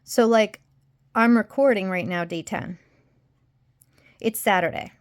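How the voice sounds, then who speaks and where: A woman's voice: mid-range voice, measured pace. A young adult woman vlogging casually to her viewers, rambling and emotional as she drifts between topics. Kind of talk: casual chat to camera.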